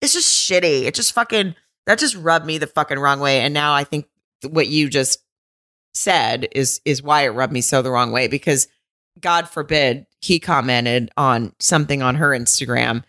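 A woman with a low voice co-hosts a chatty podcast recap. She talks emphatically, exclaims, and swears freely. The sound is dry and close. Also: normal speed, fairly bright tone, no echo. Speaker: podcast co-host. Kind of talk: casual recap chat.

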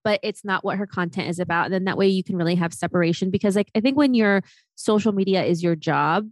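Fast-talking enthusiastic woman host. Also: mid-range voice, no echo. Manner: fast, enthusiastic, lots of fillers. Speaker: podcast host. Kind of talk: casual interview chat.

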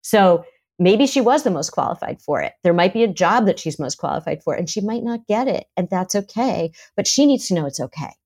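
This is a woman therapist talking as a guest in an interview, with a slightly low voice. She is animated and slips into quoted lines as she gives examples. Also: brisk. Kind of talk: conversational interview.

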